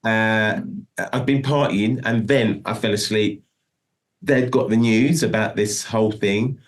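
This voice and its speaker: A guest musician, a middle-aged man, spins a long, rambling story in a casual interview, full of restarts and "do you know what I mean." His voice is lowish and a little slow.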